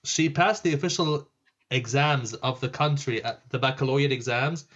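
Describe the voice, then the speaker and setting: A man from Lebanon, a podcast guest telling stories in a casual, animated way, laughing and swearing freely. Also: mid-range voice, normal speed, dull audio. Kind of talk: casual storytelling.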